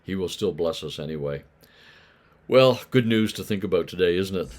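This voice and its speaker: Man, low voice, Bible devotional, animated and conversational, acts out grumbling neighbors. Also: moderate pace, faint music behind. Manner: conversational, asks listeners rhetorical questions. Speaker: preacher. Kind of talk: daily devotional Bible talk.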